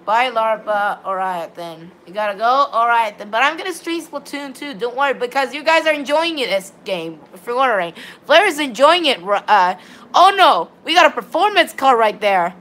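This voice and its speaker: A woman giving excitable, rambling live commentary on her gameplay while chatting with viewers. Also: a little high, moderate pace. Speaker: game streamer.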